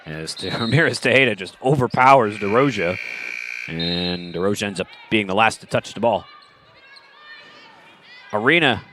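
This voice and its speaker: A man calling a live basketball game as play-by-play commentator, with brisk, excitable calls and wry asides. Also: fairly low pitch, background noise.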